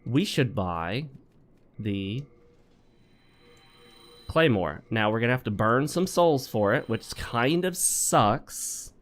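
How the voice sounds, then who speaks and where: A male gaming host with a voice of ordinary pitch. He narrates his play in a loose, chatty way and slips into wry jokes and advice between fights. The feel is casual let's-play commentary. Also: expressive, slow pace, long pauses. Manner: chatty and wry, joking asides while playing.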